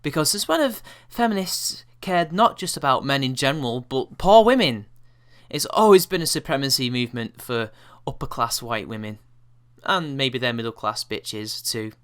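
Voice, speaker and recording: Bright, scornful male commentator. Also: medium pitch, lively intonation, moderate pace, clear, resonant tone. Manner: scornful, exasperated rebuttals. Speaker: video commentator. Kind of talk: response video commentary.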